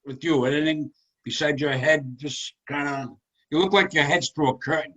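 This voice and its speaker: Guy hosting a comedy video chat, bit higher voice, jokey and laughing a lot. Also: steady tone, normal speed, a bit bright. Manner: joking, laughs often while teasing guests. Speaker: host. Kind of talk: casual chat.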